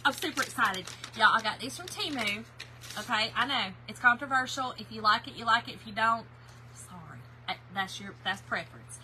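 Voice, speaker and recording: Woman, craft stream host, high and very bright, chatty, calls out viewers by name, faint room noise. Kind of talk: casual livestream chat.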